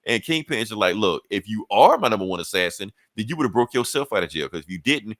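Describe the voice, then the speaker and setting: Man, low-pitched, casual profane comic-recap host, dry close sound. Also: expressive, fairly bright tone, no echo. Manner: loose, profane storytelling with quick acted-out quotes. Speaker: comic book podcast host.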